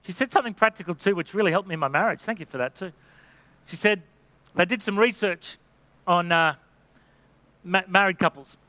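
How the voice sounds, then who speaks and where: A middle-aged pastor delivers a sermon in a high, bright voice, recorded close and dry. He exhorts his listeners earnestly, driving each point home at a slightly fast pace broken by long pauses, and sometimes takes on the voices of people in his examples.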